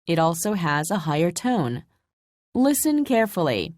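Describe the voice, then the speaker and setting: A woman giving scripted narration for a language lesson, explaining sounds in a clear, measured way. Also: fairly low pitch, big pitch swings, darkish tone, no echo, studio quality. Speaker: language instructor.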